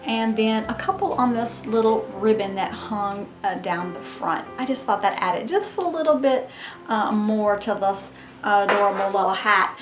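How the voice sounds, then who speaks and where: A woman's voice: medium pitch, moderate pace. Gushing woman in an echoey room. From Mississippi, US. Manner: gushing and chatty. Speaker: crafts tutorial host. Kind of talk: casual craft demonstration. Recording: roomy echo with background music.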